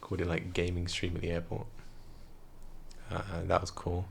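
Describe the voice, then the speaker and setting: Tired, hushed young man with gravelly fry. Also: sits low, completely flat delivery, normal speed, slight background noise. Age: young adult. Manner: hushed, quiet, rambling talk. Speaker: vlogger. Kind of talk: casual storytelling vlog. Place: room indoors at night.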